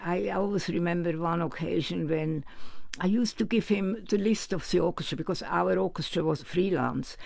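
A man's voice: sits high, moderate pace, no echo. An older man, a former orchestra manager, telling anecdotes in an interview. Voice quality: very gravelly. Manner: warm anecdotal storytelling with quoted voices. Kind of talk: reminiscing interview answers.

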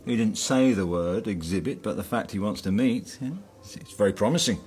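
A man's voice: lowish voice, brisk, a little mellow, soft background music, lightly acted. A man playing a jealous ex-husband who talks persistently and wheedles his former wife. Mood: pleading. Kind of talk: film drama dialogue.

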